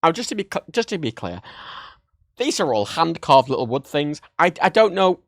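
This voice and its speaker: A man hosting a livestream from his desk, chatting casually and excitedly while he jokes and rambles through a show-and-tell. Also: on the high side, moderate pace, vocal fry, no room sound, studio quality. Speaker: livestream host. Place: home desk setup.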